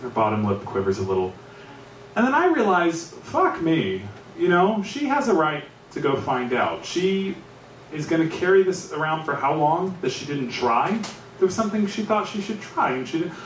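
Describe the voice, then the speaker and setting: A middle-aged comedian spins a stand-up story in a wry, chatty way, chuckling at his own lines. His voice sits a little high for a man. It is picked up from a distance in an echoey space with noise behind. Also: very animated, normal speed.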